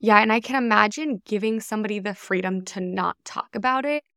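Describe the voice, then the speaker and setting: A woman's voice: medium pitch, fairly quick, fairly bright tone, studio quality. A woman hosting a podcast who responds to her guest by affirming and echoing her points. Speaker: podcast host. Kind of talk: conversational interview.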